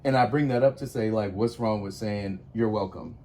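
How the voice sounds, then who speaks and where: A man's voice: lowish voice, a little fast, dark tone, slight background noise. A man in casual conversation on a porch, frank and playful, with a blunt, outspoken way of talking. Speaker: podcast host. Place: outdoors on a porch.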